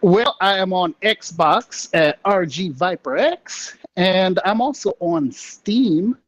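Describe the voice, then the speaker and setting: A man's voice: sits high, animated, takes it slowly, dry recording, muffled recording. A man guesting on a podcast in casual chat, laid-back and a bit hesitant, joking around.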